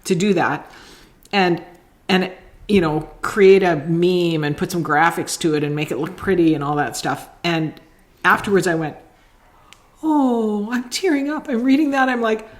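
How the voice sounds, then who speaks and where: A middle-aged woman with a lowish voice co-hosts a relaxed podcast chat. She talks freely about her own writing, doubles back on her words and laughs easily. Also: moderate pace. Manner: chatty, repeats words while talking, laughs often. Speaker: podcast co-host and author. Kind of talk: casual chat.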